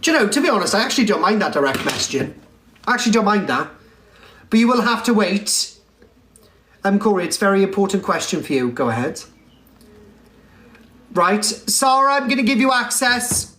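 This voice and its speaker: A man's voice: sits high, big pitch swings, brisk, long pauses, bright, forceful tone, slight background noise. A man hosting a casual live stream, chatty and cheeky, calling his viewers darling. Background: music.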